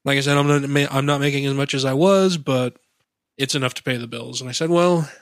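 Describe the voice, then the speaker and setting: A man's voice: mid-range voice, steady tone, fairly quick, dry recording, studio quality. A man co-hosting a casual podcast chat, joking and sarcastic, with frequent swearing. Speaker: podcast co-host.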